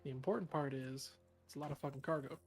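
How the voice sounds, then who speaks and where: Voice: mid-range voice, fast. Rambling, filler-heavy co-host, mid-range voice, faint music behind. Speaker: co-host in a game stream. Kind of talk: casual chat.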